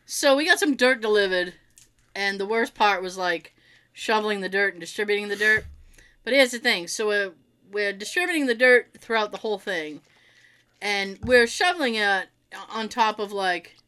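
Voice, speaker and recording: A woman telling a funny story in a casual chat, animated and laughing often. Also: medium pitch, normal speed, smooth.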